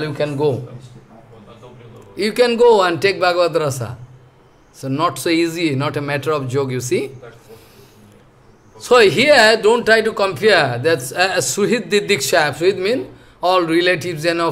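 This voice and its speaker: A man with a high-pitched voice gives a scripture lecture. His delivery is halting and full of fillers, and he often restarts phrases as he searches for words. His tone stays earnest and explanatory. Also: fairly bright tone. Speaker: spiritual teacher.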